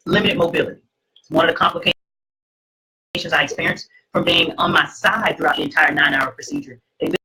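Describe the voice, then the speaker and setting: A middle-aged woman hosts and tells her own testimony to a live audience with the emphasis of a preacher. Her voice is husky and gravelly, with a bright, edgy tone. Her pitch swings widely from low to high as she makes her points. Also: poor audio. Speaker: host.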